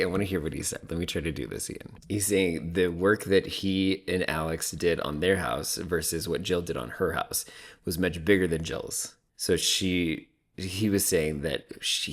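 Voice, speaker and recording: Low-voiced man chatting through a recap. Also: moderate pace. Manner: chatty and opinionated, thinking aloud with frequent "like"; laughs easily between remarks. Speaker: reality TV recap commentator. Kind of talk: casual recap commentary.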